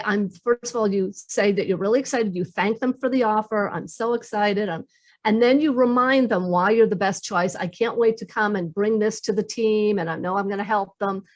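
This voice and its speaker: A woman career coach giving advice in a podcast interview, enthusiastic and acting out quoted dialogue with lively shifts. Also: mid-range voice.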